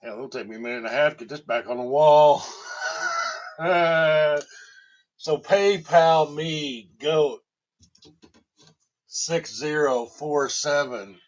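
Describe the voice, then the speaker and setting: A man's voice: fairly high pitch, takes it slowly. A man from Tennessee, rambling through comic stories and laughing at his own jokes. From Tennessee, USA. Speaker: storytelling vlogger. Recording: dull lo-fi recording.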